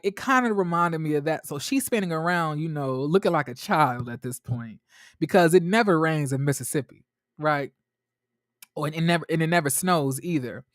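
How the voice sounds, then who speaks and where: A man reviewing a TV episode for his viewers in a chatty, animated way, talking straight to them and often restarting his sentences. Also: a little high, no echo, clean studio sound. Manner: restarts and trails off a lot. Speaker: TV show reviewer. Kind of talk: casual episode recap to viewers.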